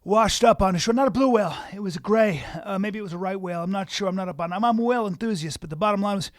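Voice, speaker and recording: A man's voice: sits high, rapid-fire, dry recording, studio quality. A man co-hosting a comedy podcast, rambling through an absurd story with stammered repeats and mock earnestness. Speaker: podcast co-host. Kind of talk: improvised comedy chat.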